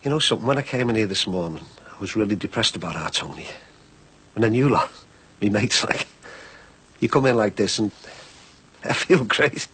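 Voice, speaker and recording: A man playing a worried working-class father running a shop, talking warmly and gratefully to his mates in a TV soap drama. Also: on the low side, expressive, brisk, slightly rough. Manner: warm, chatty and grateful. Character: grateful working-class dad of a sick son.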